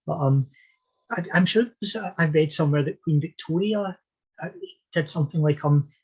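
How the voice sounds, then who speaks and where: A man's voice: on the high side, normal speed, slightly rough, poor audio. A man speaking as a historian guest in a podcast interview, talking in a discursive, thoughtful way with frequent self-corrections.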